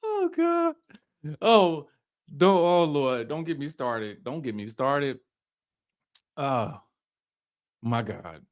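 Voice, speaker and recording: A man's voice: a little high, very animated, drawn-out words, pauses often, smooth. A man giving a casual, campy recap of reality TV, laughing often and slipping into a pampered, fussy voice. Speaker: reality TV commentator.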